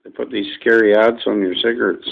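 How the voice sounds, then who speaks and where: A man's voice: lowish voice, steady tone, brisk, vocal fry, phone-quality sound. A man ranting to camera in a rambling, folksy, profane way, as a vlogger airing his gripes.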